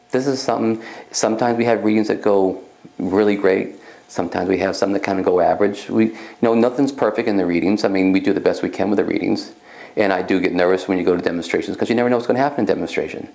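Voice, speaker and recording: A man's voice: low-pitched, fast, vocal fry, a little mellow. A man working as a psychic medium, casually telling a personal story in a rambling way, often repeating himself. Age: young adult.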